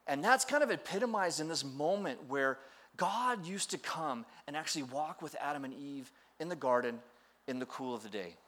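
Middle-aged male pastor, animated sermon storyteller, pitch rising and falling freely, joking at his own expense. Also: normal speed. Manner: storytelling with playful acted quotes and self-deprecating humor.

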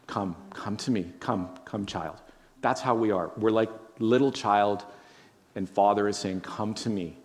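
A man's voice: sits low, darkish tone. A man preaching a sermon as pastor, earnest and repeating phrases for emphasis, then leading a prayer. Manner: earnest, repetitive emphasis, frequent "right?".

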